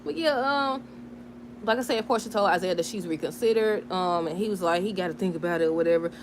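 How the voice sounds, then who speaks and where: A woman in casual chat recapping a soap opera episode, animated, laughing and talking back to the characters. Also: fairly low pitch, fast, a little hiss or hum. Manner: chatty, talks back to the characters.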